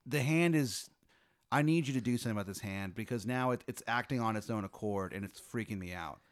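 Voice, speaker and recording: A man's voice: on the low side, brisk. A man talking as a podcast guest, playfully going along with a hypothetical and swearing freely. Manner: playful, profane, plays along. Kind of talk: casual chat.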